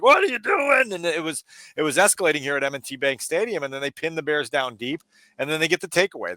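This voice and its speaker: A man co-hosting a postgame sports podcast as a sportswriter, giving quick, energetic analysis with vivid detail. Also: a little high, no room sound.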